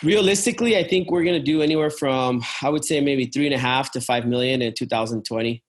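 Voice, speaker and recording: A man's voice: mid-range voice, fast talker. A travel business owner talking casually about his company, with frequent fillers, restarts and "man". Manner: rambling, many fillers and restarts; uses "man" and "dude" often.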